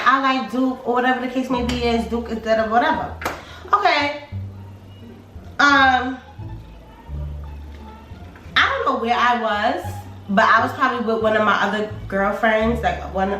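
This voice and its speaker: A woman's voice: on the high side, recorded from a distance. A young woman casually telling a storytime vlog, retelling friends' conversations with lots of fillers. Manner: chatty, animated retelling with quoted dialogue and fillers. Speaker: storytime vlogger. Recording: echoey room, voice a bit off-mic, faint music.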